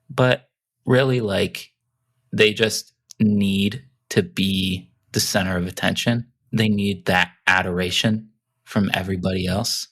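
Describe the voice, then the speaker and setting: American podcast co-host, lowish husky voice, unsure but opinionated. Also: male voice. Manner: hesitant, hedging, then animated when arguing. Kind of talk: casual chat.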